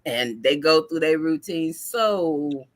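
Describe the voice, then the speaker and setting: A woman's voice: low voice, expressive, takes it slowly. A woman hosting a podcast, chatting casually and acting out family stories with lots of quoted dialogue. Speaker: podcast host. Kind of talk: casual chat.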